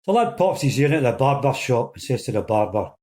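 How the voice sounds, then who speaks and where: A comedian telling jokes in a chatty storytelling manner. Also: male voice, mid-range voice, very animated, brisk, a little mellow. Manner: chatty storyteller building up to punchlines.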